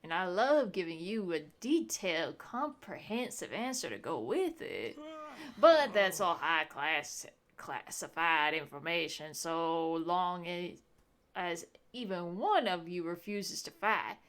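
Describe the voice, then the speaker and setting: A woman's voice: on the low side, lively intonation, slow pace. Woman putting on a brash Cajun creature. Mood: smug. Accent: Cajun put-on. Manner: loud, teasing, theatrical. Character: brash male creature headmaster, mocking.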